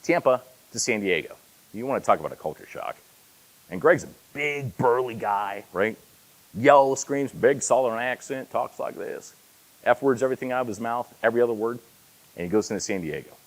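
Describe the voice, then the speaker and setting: Man in his forties, keynote speaker, lively storytelling delivery, pitch swinging widely, self-deprecating humor. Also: brisk, low-quality recording. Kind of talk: conference keynote speech. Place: conference hall.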